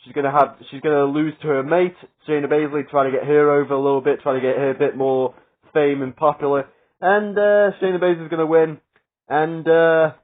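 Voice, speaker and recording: A man's voice: on the high side, little pitch movement, fairly quick. A man giving casual solo predictions for a video, rambling with lots of fillers and chuckling at his own asides. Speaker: wrestling predictions vlogger. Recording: tinny phone-like sound.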